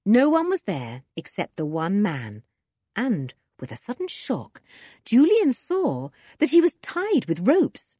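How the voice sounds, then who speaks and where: A woman narrating a children's adventure story in a lively, expressive reading. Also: mid-range voice, slow pace, husky, no echo, clean studio sound. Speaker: audiobook narrator.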